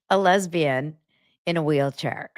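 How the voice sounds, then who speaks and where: A woman's voice: sits low, no room sound, studio quality. A woman in her forties hosting a casual livestream chat, laughing often and reading viewer comments aloud. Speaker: livestream host.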